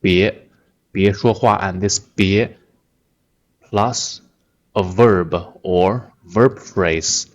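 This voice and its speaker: A man's voice: low voice, very slow, pauses often, muffled recording. A man whose first language is Chinese, teaching a language lesson patiently, repeating words with many fillers. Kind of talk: slow explanatory lesson.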